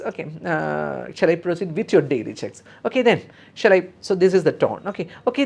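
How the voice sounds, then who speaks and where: A woman's voice: low-pitched, big pitch swings, moderate pace, gravelly, a little mellow, husky. A woman with a Kerala Indian English accent teaching an OET speaking lesson live, rehearsing nurse role-play lines again and again and encouraging her dear students.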